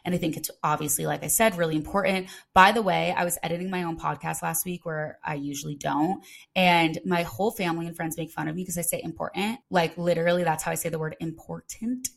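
A woman's voice: fairly low pitch, steady tone, quick pace, creaky. A woman in her twenties hosting a podcast, talking casually and chatty with lots of filler words. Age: 20s. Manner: chatty, frequent "like" fillers, upbeat. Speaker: podcast host. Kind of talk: casual solo podcast chat.

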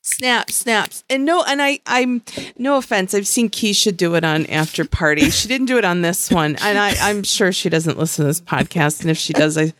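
A blunt, profane woman co-hosting a podcast, chatting casually and restarting her sentences as she goes. Her voice sits somewhat low and sounds dry and close to the mic. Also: animated, fairly quick, a bit bright, no echo. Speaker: podcast co-host. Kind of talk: casual chat.

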